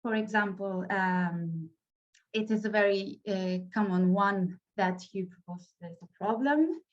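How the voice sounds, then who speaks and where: Spanish woman trainer, mid pitch, hesitant delivery, muffled audio. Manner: halting, many fillers and restarts. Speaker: workshop trainer. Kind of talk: online training workshop.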